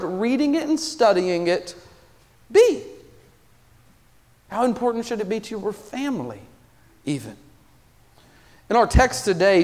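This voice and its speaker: A man's voice: high voice, a little mellow, big-room sound. A man preaching a sermon as pastor of his church, earnest and conversational, asking his congregation many questions. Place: church sanctuary.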